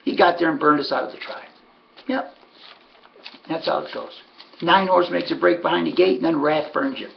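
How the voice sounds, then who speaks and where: A man's voice: a little high, normal speed, gravelly, pauses often, dull audio, a little hiss or hum. A man giving a casual, folksy recap of his race picks, sardonic and talking to himself about his bets. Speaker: harness racing handicapper.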